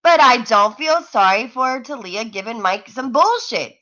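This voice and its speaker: Loud, mocking woman ranting on a livestream. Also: a little high, lively intonation, muffled recording. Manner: profane, mocking, fast-ranting. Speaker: livestream host. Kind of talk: heated live-stream commentary.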